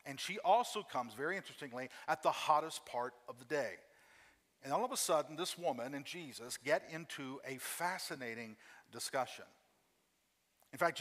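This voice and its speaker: A man's voice: fairly high pitch, fairly bright tone, in a large hall. A man preaching a sermon as a pastor, telling the story with emphatic repetition and acting out the quoted voices.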